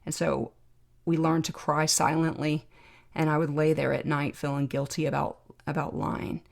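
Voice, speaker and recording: Low gravelly lady podcast host, middle-aged, tells her own story slow and emotional. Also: flat delivery. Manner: reflective, emotional, pausing to remember. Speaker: podcast host, trauma doctor. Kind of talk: personal storytelling monologue.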